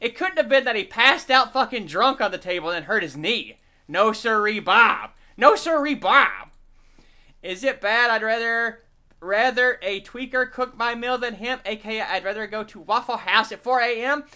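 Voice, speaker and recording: A man's voice: very high-pitched, moderate pace, bright, forceful tone, clear, resonant tone. A man giving casual, profane, mocking commentary over a video, laughing and repeating catchphrases.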